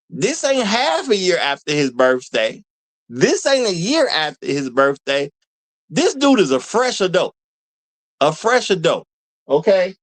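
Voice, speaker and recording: Addressing his audience as "y'all," this live commentary host talks animatedly and restates his points to drive them home. He has a high-pitched voice, and the low-quality recording has no echo.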